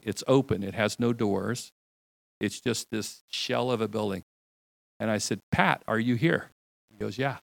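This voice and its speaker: Gravelly-voiced man preaching conversationally. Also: medium pitch, no echo. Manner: conversational storytelling, drops to a hushed voice for quoted dialogue. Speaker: pastor. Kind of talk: sermon.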